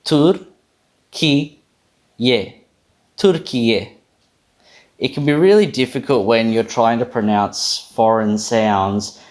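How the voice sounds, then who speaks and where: A man's voice: fairly low pitch, measured pace, darkish tone. Casual man explaining pronunciation. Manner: thinking aloud, self-correcting; casual, occasional swearing. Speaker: pronunciation teacher.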